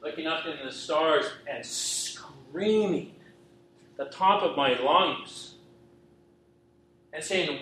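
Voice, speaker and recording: A middle-aged pastor from western Canada gives an earnest personal testimony sermon in a slightly high, somewhat bright voice with lively intonation and a slightly slow pace. He repeats himself and keeps checking in with listeners by asking "right?" The recording is distant and echoey, made in a hall with faint noise.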